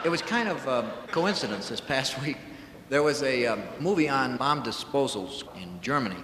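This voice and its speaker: Stammering deadpan comedian in a roomy hall. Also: male voice, medium pitch, normal speed. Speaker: stand-up comedian. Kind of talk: one-sided phone call routine. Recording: roomy live hall with hiss.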